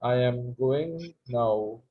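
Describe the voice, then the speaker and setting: A man's voice: mid-range voice, extremely slow, dull audio. Patient man teaching an Arabic class. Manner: patient, repeats words for students to echo. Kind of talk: classroom language lesson.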